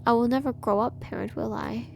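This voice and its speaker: A woman's voice: a little high, fairly even intonation, brisk, gravelly, a little hiss or hum. A woman voicing a male artificial child creature who talks in a pained, pleading way to the one who raised him.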